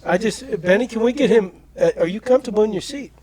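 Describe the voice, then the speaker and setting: A man's voice: high-pitched, quick pace, over a noisy crowd. A man hosting a podcast, telling a long story in a rambling, folksy way. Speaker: podcast host. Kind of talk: casual chat, anecdote telling.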